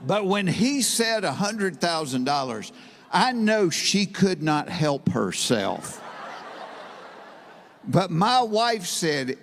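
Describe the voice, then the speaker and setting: Man, stand-up storytelling, slightly high voice, reverberant stage hall. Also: big pitch swings, takes it slowly, slight background noise. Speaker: stand-up comedian.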